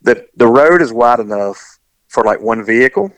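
A middle-aged man, casually telling a long, animated story and acting out the voices of the people in it. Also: medium pitch, normal speed, clean tone, no echo, low-quality recording. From US South. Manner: rambling, animated, acts out quoted voices.

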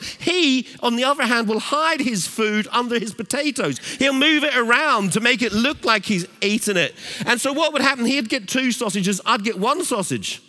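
A middle-aged English man preaching a sermon, telling a funny family story in a playful, animated way. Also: very high-pitched, normal speed, hardly any pauses. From England. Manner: animated, playful, laughs at his own stories. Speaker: pastor.

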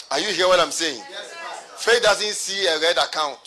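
A man's voice: high voice, normal speed, bright, forceful tone. A pastor preaching a sermon to his congregation, repeating his phrases and calling for responses.

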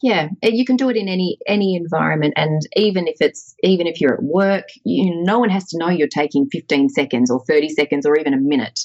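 Woman, lowish voice, earnest and thoughtful, casual explaining, dull lo-fi recording. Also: fast, hardly any pauses, a little mellow. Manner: earnest, thoughtful, with frequent restarts. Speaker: guest sharing wellness practices.

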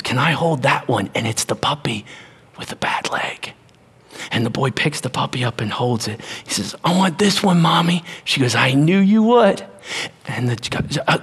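A man preaching a sermon as pastor, animated, acting out voices and dropping to a hush at times. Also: fairly high pitch, slightly rough.

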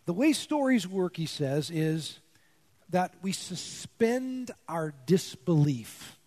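A man's voice: high voice, takes it slowly. A man giving a classroom lecture, telling anecdotes and acting out quoted lines as he goes. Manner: animated storyteller, acts out quotes.

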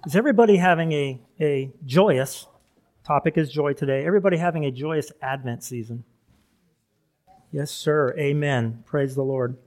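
A man's voice: on the high side, normal speed, a little mellow. A middle-aged male pastor giving a chatty sermon, full of asides, laughing at himself and restarting sentences.

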